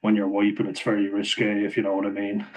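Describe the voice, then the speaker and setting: A man's voice: on the low side, completely flat delivery, a little fast, darkish tone, rough recording. A man telling a rambling story to camera, swearing freely and laughing often mid-sentence. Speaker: vlogger.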